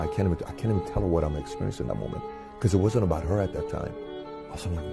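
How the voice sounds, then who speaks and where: A man's voice: deep voice, fast talker, vocal fry. A man telling a personal story with feeling. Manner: emotional, animated retelling. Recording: speech over music.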